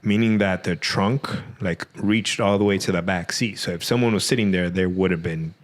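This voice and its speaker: Male podcast guest, low voice, loose rambling storyteller, lots of fillers. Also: normal speed. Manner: rambling, many "like" fillers, acts out quotes. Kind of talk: casual storytelling.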